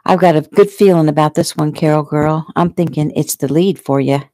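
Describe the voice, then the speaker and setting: A woman reading the part of a gentle, forgetful Irish woman friend in a storybook. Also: low voice, a little fast, no echo, natural voice.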